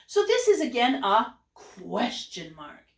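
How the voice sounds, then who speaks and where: A kindergarten teacher with a fairly high, very lively voice that swoops up and down in an exaggerated sing-song way. She is heard from a distance in a roomy, echoing space. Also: slow, creaky. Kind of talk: lesson for young children.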